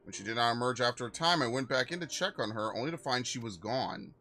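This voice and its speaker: A solemn, formal tomb keeper, read aloud by a male game streamer, telling his tale in measured words. Faint music plays behind. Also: medium pitch, expressive, pushed and bright.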